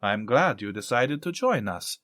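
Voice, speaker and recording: A man's voice: mid-range voice, big pitch swings, unhurried, fairly bright tone, dry recording, clean studio sound. A man voicing a polite, smiling sinister man. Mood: suave.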